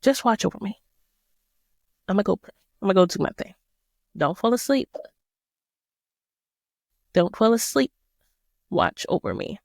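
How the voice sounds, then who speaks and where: A woman voicing Jesus as a calm man who talks in casual slang. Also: medium pitch, a little slow, vocal fry, long pauses, no echo, studio quality. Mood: urging.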